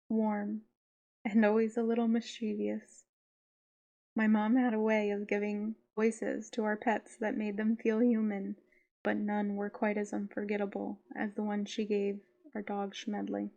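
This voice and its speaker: A woman reading her own audiobook in a gentle, heartfelt, unhurried way. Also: medium pitch, vocal fry, lo-fi sound. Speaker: author narrating her own book. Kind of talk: audiobook narration.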